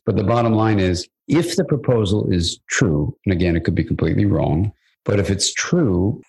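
A man's voice: sits low, creaky, husky, low-quality recording. An older man, a psychiatrist guest in an interview, explaining ideas at length and telling stories with acted-out dialogue. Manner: animated storyteller, acts out quoted dialogue.

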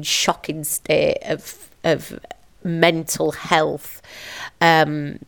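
A woman in her fifties, a business owner and teacher, speaking to camera in an emotional, halting, heartfelt way. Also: low voice, steady tone, vocal fry. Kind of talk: personal confessional vlog.

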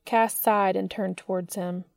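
A woman reading a piece of fiction aloud in a steady storytelling manner. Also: mid-range voice, unhurried, creaky, no room sound, studio quality. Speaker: fiction reader.

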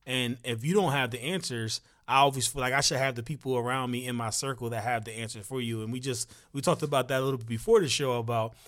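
A man hosting an interview podcast in a casual, encouraging way, with quick affirmations. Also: medium pitch, fairly even intonation, a bit bright. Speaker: podcast host. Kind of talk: interview host, casual chat.

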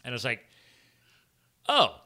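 A man's voice: mid-range voice, fast talker. A man, a firefighter, casually retelling a story and acting out the dialogue. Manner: animated retelling, acts out dialogue with lots of "I'm like".

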